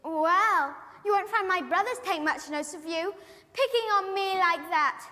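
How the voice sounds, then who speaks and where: A woman's voice: extremely high pitch, moderate pace, bright, forceful tone. A prim, polite young girl. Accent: British English. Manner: prim, well-mannered. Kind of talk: stage musical acting. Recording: live theatre sound with hall reverb.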